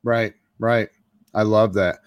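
A man's voice: lowish voice, slow, clean tone, no room sound. A man hosting an interview podcast, chatting casually and acting out voices when he tells a story. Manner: animated storyteller, acts out voices in anecdotes. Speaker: podcast host.

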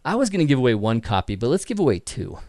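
A man's voice: mid-range voice, very animated, quick pace, darkish tone, no echo, studio quality. A man co-hosting a live podcast, upbeat and chatty, talking casually with his co-host. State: tired, out of breath. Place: indoors.

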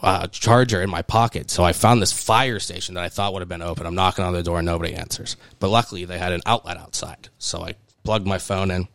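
Low-voiced podcast guy rambling through a crazy night story, laughs a lot, goes squeaky when he's freaking out, super dry mic. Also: fast, creaky, hardly any pauses, no echo. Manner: animated storyteller, laughs through his words; voice jumps up high when retelling panicked moments. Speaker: podcast co-host. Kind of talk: casual chat, telling a long story. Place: podcast studio.

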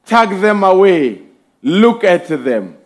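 A man delivers a sermon in a high voice, taking his time over every phrase. He builds his points in emphatic swells and speaks directly to the congregation. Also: very animated. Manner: slow, emphatic preaching with rising and falling swells. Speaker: preacher.

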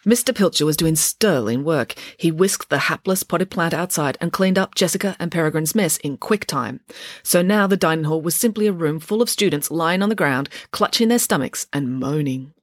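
A woman narrating a children's storybook in a playful, expressive way. Her voice sits low but swings widely in pitch. The recording is dry and close. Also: normal speed, dry recording. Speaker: audiobook narrator.

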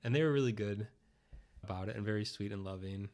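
A man's voice: fairly low pitch, fast, a little mellow. A young adult man telling a personal story in casual conversation, full of fillers and acted-out quotes. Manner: chatty, many fillers like "like", acts out quoted dialogue. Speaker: interview guest.

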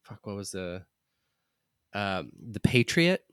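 A man's voice: lowish voice, sing-song, takes it slowly, clean tone, no echo, clean studio sound. A man co-hosting a podcast in casual chat, wry and laid-back, swearing now and then. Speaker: podcast co-host.

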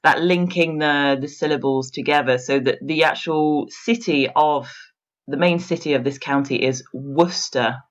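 A woman's voice: deep voice, moderate pace, muffled recording. A woman from England, chatting as an interview guest, laughing often and using lots of fillers. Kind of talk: casual interview chat.

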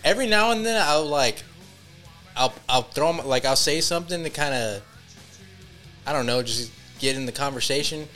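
Bright-voiced joking guy. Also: medium pitch, lively intonation, moderate pace, soft background music. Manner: joking, laughs often, swears freely. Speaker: podcast co-host. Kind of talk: casual crude banter.

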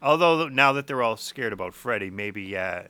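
A man's voice: lowish voice, lively intonation, normal speed, sharp tone, clean tone, no room sound. A young adult man chatting casually, telling crude stories and swearing freely. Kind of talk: casual chat.

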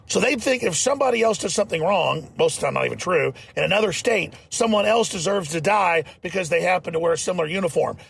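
A man's voice: high voice, quick pace, gravelly, hardly any pauses, fairly bright tone, breathy edge. A man hosting a talk show, delivering fiery, emphatic and mocking political commentary.

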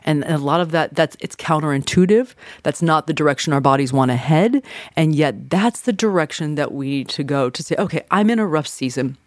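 A woman's voice: deep voice, expressive, brisk, dry recording, clean studio sound. A middle-aged woman therapist hosting a podcast, giving casual, conversational advice with frequent fillers.

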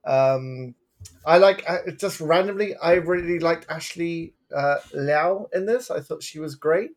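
A man's voice: a little high, unhurried. A man co-hosting a podcast, giving blunt, dry criticism of a movie in casual chat. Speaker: podcast co-host.

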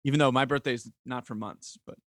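A man speaks as a guest on a casual podcast, making light jokes and laughing along. His voice is middle in pitch, and the recording sounds dry and close. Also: fairly even intonation, brisk, fairly bright tone, no room sound. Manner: joking, easygoing, laughs along.

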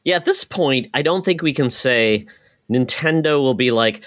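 A man hosting a gaming podcast, chatting in an animated, opinionated way with quick asides. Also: mid-range voice, dry recording, studio quality. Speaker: podcast host. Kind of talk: casual chat.

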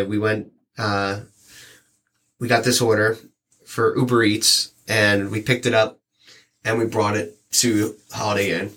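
A man, a delivery driver, casually telling rambling stories and acting out what people said. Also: fairly low pitch. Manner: rambling, animated, acts out quoted lines. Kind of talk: casual storytelling chat.

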